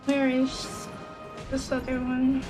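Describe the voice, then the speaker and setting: A woman's voice: sits high, slow, over music, rough recording. A woman streaming a game, chatting casually, rambling and cursing at the game when it goes wrong. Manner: excitable, swears at the game, rambles. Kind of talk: casual gaming commentary.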